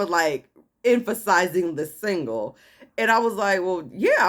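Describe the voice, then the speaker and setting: A woman's voice: fairly low pitch, unhurried. A woman vlogger casually telling a personal story, acting out what others said and laughing as she goes. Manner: animated, laughing, acting out quotes.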